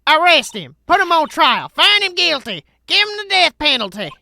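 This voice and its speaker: A woman voicing a loud, pushy young woman photographer who shouts accusations, with faint game music behind. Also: medium pitch, big pitch swings, normal speed. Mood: accusing.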